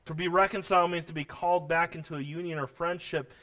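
Male pastor, high and bright, folksy sermon delivery that builds to forceful emphasis. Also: fairly even intonation, quick pace, hardly any pauses. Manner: preaching with rising, forceful emphasis and quoting scripture.

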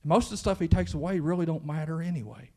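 A man's voice: fairly high pitch, fast, warm tone. A man with a Kentucky accent, preaching a sermon in church in a conversational style that rises into fervent emphasis. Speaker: pastor.

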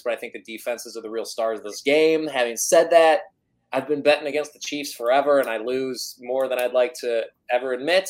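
A man co-hosting a sports podcast, reasoning through his picks in a loose, hedging way. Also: mid-range voice. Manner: thoughtful, hedging analysis with many "like"s. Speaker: podcast co-host. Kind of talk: casual sports betting chat.

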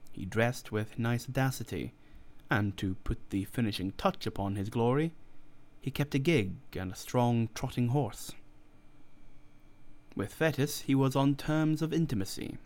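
A man narrating a classic story in a measured, formal storytelling manner. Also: mid-range voice, darkish tone. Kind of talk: audiobook narration.

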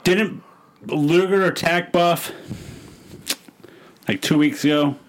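A man's voice: a little high, slow, slight background noise. A man hosting a casual podcast, joking around and rambling through a recap with lots of fillers. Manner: jokey, rambling, many fillers. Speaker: podcast host. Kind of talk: casual chat recapping wrestling.

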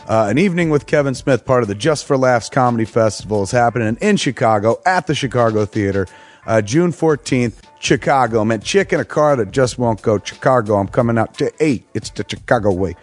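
A man's voice: medium pitch, lively intonation, a little fast, soft background music. A middle-aged man casually reading promo spots for his own shows, loose, crude and joking. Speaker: podcast host reading promos.

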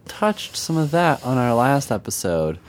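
Casting note: man, mid-low voice, animated pitch, dry wisecracking podcast co-host. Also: measured pace. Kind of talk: casual comedic chat.

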